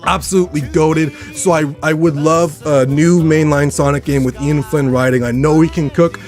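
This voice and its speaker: An excitable young man hosts a live stream from his room, talking straight to his chat in a rambling, eager way. His voice sits a little high and sounds slightly worn, and faint music plays underneath. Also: moderate pace. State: voice getting worn.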